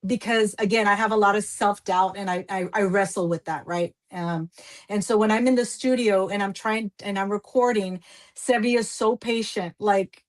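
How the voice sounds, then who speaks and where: A woman's voice: mid-range voice, fairly even intonation, normal speed. A woman singer from Texas, talking in a casual radio interview in an effusive, emotional, self-deprecating way. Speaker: guest singer.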